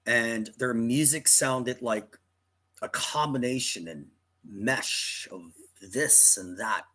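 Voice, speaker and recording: Husky man telling a rambling story. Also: mid-range voice, slow pace, bright, forceful tone. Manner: rambling, dramatic, self-correcting. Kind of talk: casual personal storytelling.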